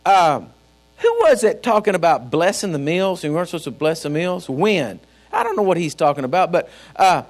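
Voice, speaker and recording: A man preaching a sermon as pastor, fiery and folksy, with joking asides. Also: a little high. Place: church.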